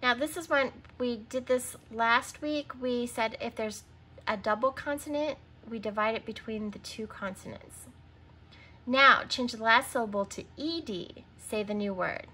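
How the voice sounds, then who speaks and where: A woman's voice: on the high side, unhurried, pushed and bright, slightly rough. A woman teaching a recorded reading lesson to young children, sounding out words, spelling them letter by letter and patiently prompting answers.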